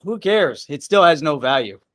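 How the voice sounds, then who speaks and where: A man's voice: a little high, lively intonation, moderate pace, a bit bright, no room sound, clean studio sound. A man hosting a live show in a loose, chatty way, often dropping "man" and "you know". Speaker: livestream show host. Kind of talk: casual chat.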